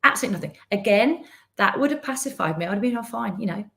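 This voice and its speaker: Middle-aged woman on a live business talk, really lively pitch, acts out everyone in her story. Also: very fast, creaky. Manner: animated storytelling with quoted voices. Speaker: business coach.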